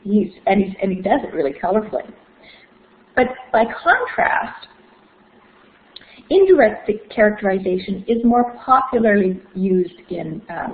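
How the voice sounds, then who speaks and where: A woman lecturing on literature, explaining with rhetorical questions and frequent fillers. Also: mid-range voice. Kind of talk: recorded lecture. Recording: echoey, phone-like thin sound.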